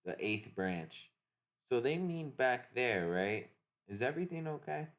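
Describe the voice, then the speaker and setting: A man's voice: mid-range voice, sing-song, unhurried, pitched above the performer's own voice. A man reading the lines of an alarmed old male fish-man warrior. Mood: anxious.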